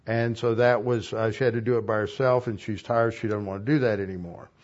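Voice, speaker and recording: A man giving an expository sermon as a Bible teacher. He reads a passage, then pauses to explain it. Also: on the low side, fairly even intonation, darkish tone, lo-fi sound.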